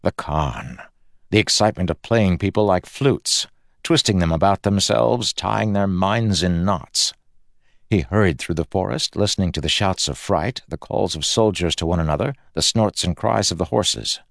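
A man reading a fantasy audiobook aloud in a measured, dramatic storytelling manner. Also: deep voice, vocal fry, no room sound, studio quality. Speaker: audiobook narrator. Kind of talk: scripted fantasy narration.

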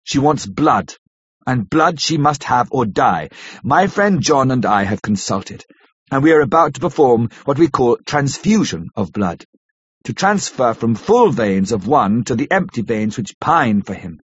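A man voicing a grave, kindly older professor who speaks in solemn, formal, halting phrases. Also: medium pitch, lively intonation, husky, no echo. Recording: dull lo-fi recording.

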